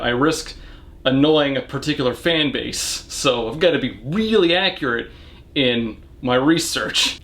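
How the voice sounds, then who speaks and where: A man's voice: mid-range voice, a bit bright. A young adult man answering viewer questions in a casual Q&A, reading each question aloud and replying in a dry, offhand way. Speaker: book and movie reviewer answering viewer questions. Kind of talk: casual Q&A monologue.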